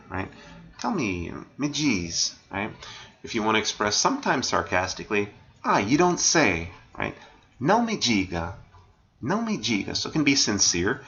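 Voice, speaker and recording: A man with a lowish, bright, forceful voice teaches from slides. He explains each phrase in turn and keeps asking "right?" as he goes. The recording sounds dull and lo-fi. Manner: explains each phrase and asks "right?" after nearly every line. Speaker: language teacher.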